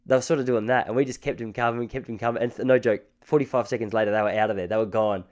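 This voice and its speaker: A man's voice: fairly low pitch, steady tone, fast, darkish tone. An Australian man in his thirties hosting a podcast, telling rambling, joking stories in a casual solo monologue. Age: 30s. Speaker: podcast host.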